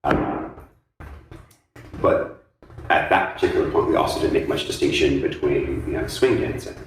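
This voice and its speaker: A man's voice: very deep voice, moderate pace, creaky. A man being interviewed about blues dancing, talking in a thoughtful, casual way with many fillers. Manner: thoughtful, many ums and you-knows, animated when joking. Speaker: interviewee, blues dance teacher. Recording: echoey room, mic set at a distance, faint noise.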